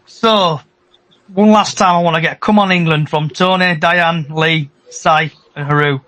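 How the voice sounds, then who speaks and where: A man's voice: on the high side, fairly even intonation, bright, forceful tone. A man hosting a casual fan podcast, chatty and upbeat. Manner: chatty, upbeat, fast sign-off. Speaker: podcast host.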